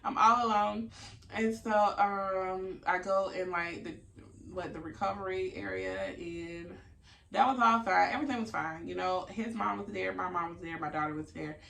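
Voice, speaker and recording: A woman vlogger telling a story in a casual, theatrical, animated way, swearing freely. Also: mid-range voice, moderate pace, gravelly. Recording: echoey room, distant mic.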